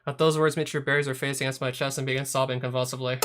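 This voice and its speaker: A man reading a visual novel aloud as a let's play host, breaking off for sardonic asides with swearing, with soft guitar music behind him. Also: medium pitch, flat delivery, very fast, slight background noise.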